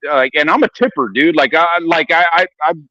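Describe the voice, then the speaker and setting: A man's voice: a little high, expressive, fairly quick, pushed and bright, dry recording, muffled recording. A man co-hosting a casual chat, telling a profane story. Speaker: co-host.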